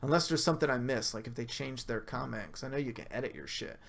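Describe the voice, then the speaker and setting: A man's voice: mid-range voice, lively intonation, fast talker, vocal fry, fairly bright tone. A man hosting a casual livestream review, talking loosely with many fillers and restarts while reading out viewer comments. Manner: rambling, frequent fillers and self-corrections, laughs between points. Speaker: livestream host reviewing a TV episode.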